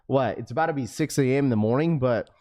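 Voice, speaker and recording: A young man hosting a live stream, chatting casually with viewers in an energetic, slangy, talkative way. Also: mid-range voice, quick pace. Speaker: livestream host.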